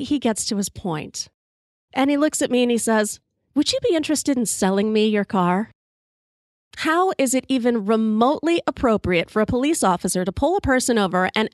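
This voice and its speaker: A woman's voice: a little high, no room sound, studio quality. A woman hosting a podcast, telling wry, profane stories in a conversational monologue while sipping whiskey. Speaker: podcast host.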